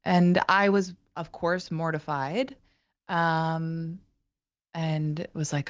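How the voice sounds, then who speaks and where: A woman in her thirties, a guest talking reflectively and haltingly in an interview, with frequent restarts. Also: low-pitched, steady tone, no echo, lo-fi sound. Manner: thoughtful, halting, many restarts. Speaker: guest, actor and writer.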